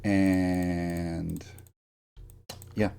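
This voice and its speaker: Slow-talking game dev guy on stream, swears constantly, grumbles to himself, laughs at his own jokes. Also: deep voice, little pitch movement, vocal fry, warm tone, smooth. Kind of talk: live-stream work commentary.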